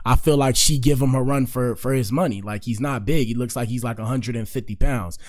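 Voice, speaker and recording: A man's voice: medium pitch, fairly quick. A man hosting a podcast, rambling in casual commentary with lots of "like" and "you know", then lecturing his listeners earnestly. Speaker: podcast host.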